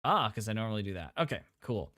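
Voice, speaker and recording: Lively young man hosting a stream. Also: lowish voice, fast talker. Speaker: co-host. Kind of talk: casual live-stream chat.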